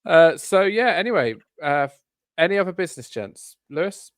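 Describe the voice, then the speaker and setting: A man co-hosting a casual podcast chat, talking in halting bursts full of ums and restarts. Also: on the high side, sing-song, no room sound, studio quality. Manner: hesitant, lots of ums and restarts. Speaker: podcast co-host.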